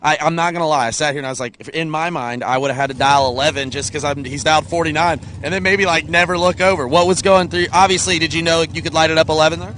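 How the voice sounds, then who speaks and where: A man's voice: fairly high pitch, steady tone, fast, hardly any pauses, fairly bright tone, a little hiss or hum. Chatty man hosting trackside interviews. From United States. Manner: casual, chatty, lots of fillers. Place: outdoors at a drag strip.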